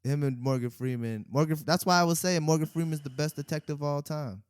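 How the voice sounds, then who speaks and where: Young man, podcast co-host, slightly high voice, dry close sound, lively storytelling. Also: fairly quick, smooth, no room sound. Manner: animated storyteller, laughs mid-sentence. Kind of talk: casual chat.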